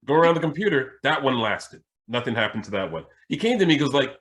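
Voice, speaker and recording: A man from Jamaica tells a long personal story in a loose, animated way, often restarting sentences. His voice is husky with a bright, forceful edge, pitched in an ordinary middle range. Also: quick pace. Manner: animated anecdote telling with frequent restarts. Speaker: spiritual teacher and podcast host. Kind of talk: casual storytelling chat.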